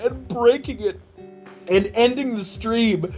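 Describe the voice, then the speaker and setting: Slow, laughing storyteller on a group call. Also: mid-range voice, faint music behind. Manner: excited storytelling, laughs often, quick impressions. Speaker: game creator. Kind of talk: casual chat on a group call.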